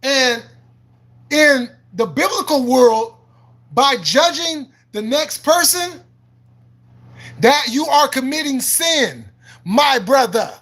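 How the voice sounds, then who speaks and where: High, bright-voiced man ranting on a livestream. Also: animated, slow, long pauses. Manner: combative, profane, repeats himself, laughs often; preachy and argumentative, quoting scripture. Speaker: livestream host. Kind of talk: live-stream rant answering chat.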